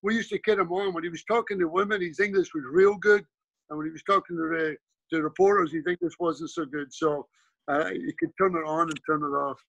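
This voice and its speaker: A man's voice: a little high, fairly quick, creaky, a bit bright, no room sound, dull audio. A Scottish man in his seventies, a former player and coach, telling rambling anecdotes in a casual interview. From Scotland. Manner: rambling anecdotes with frequent restarts and "you know".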